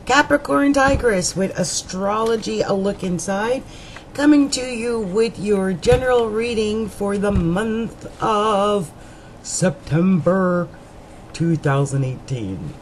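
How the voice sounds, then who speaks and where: A woman's voice: medium pitch, expressive, slow pace, slight background noise, low-quality recording. A woman astrologer giving a monthly horoscope reading in a chatty, meandering way, with frequent fillers and restarts.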